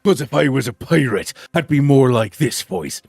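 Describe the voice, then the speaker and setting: A man putting on an overdone mock-Scottish pirate voice with a gravelly drawl, as a joke on his live stream. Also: mid-range voice, expressive, moderate pace, a little mellow, no room sound, studio quality, faint music behind, pitched above the performer's own voice. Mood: hammy. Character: hammy gruff male pirate, mock Scottish. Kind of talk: joking impression during a live stream.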